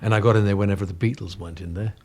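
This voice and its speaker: A man's voice: lowish voice, fairly even intonation, rapid-fire, a little mellow. A man in his sixties from North London, with an English accent touched by Cockney and a little northern, telling anecdotes in a chatty, self-deprecating way in a radio interview. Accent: English, slightly Cockney and northern. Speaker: guest singer. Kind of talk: casual interview chat. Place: radio studio.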